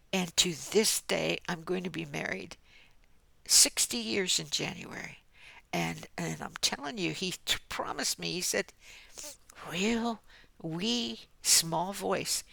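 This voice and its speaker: Older woman, Christian speaker. Very gravelly, bright tone, slow, earnest delivery with whispered asides. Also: fairly low pitch, no echo. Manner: gentle, often drops to a whisper; earnest, with soft laughs. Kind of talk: devotional message.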